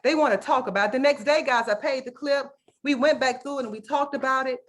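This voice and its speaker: A teacher presenting a workshop at an online conference speaks quickly in a high voice. Earnest and emotional over the video call, she keeps asking "right?" and calls her listeners "guys."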